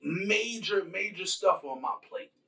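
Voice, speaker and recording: A man's voice: high voice, animated, a little slow, vocal fry, sharp tone, echoey room, distant mic, exaggerated voice. A man voicing a tough woman soldier who talks bluntly, with swearing, and brushes people off. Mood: impatient. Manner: blunt, profane, dismissive.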